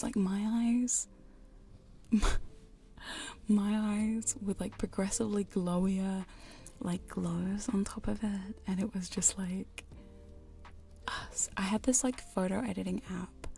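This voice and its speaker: A woman's voice: mid-range voice, flat delivery, unhurried, creaky, long pauses. A woman streamer in a whispered livestream chat, rambling and giggling as she reads the chat. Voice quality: soft whisper. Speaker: ASMR streamer. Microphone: studio condenser microphone.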